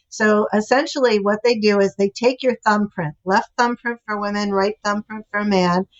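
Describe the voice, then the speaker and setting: Woman telling a story over dull lo-fi audio. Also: mid-range voice. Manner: animated anecdotal storytelling. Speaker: guest, author and relationship expert. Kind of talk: storytelling in a podcast interview.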